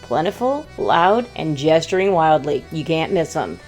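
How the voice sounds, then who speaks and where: A woman's voice: deep voice, sing-song, a little slow, darkish tone, faint music behind. Playful American woman vlogging. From United States. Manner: playful, mock-dramatic storytelling. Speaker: vlog host. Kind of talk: humorous travel vlog narration.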